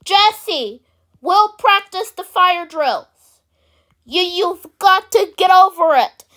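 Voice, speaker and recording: A woman's voice: extremely high pitch, expressive, slow pace, fairly bright tone, full character voice. A woman voicing a strict, insistent schoolteacher in a homemade cartoon, repeating her orders sternly. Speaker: teacher figure.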